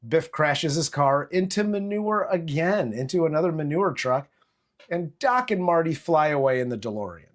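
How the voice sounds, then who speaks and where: Man, podcast host, slightly high voice, casual and profane. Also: normal speed. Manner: profane, animated retelling with acted quotes. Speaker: movie review podcast host. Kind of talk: casual chat.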